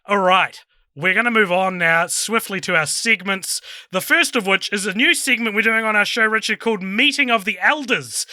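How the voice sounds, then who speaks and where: A man co-hosting a podcast in casual chat, quick to correct details and introducing segments. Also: sits high, bright, forceful tone, no room sound, studio quality. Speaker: podcast co-host.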